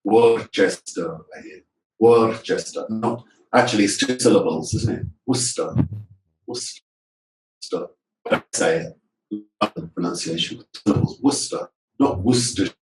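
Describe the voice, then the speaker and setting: A man's voice: fairly low pitch, moderate pace, background noise. A male teacher trainer giving a webinar presentation on a video call. He explains points and drills words aloud, often asking rhetorical questions. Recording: echoey room audio from a distance.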